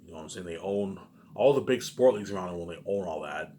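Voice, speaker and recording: A man's voice: low voice, animated, quick pace, mellow. A man rambling through a casual monologue for his viewers, repeating himself often and swearing freely. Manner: rambling and repetitive, with frequent swearing. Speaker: vlogger.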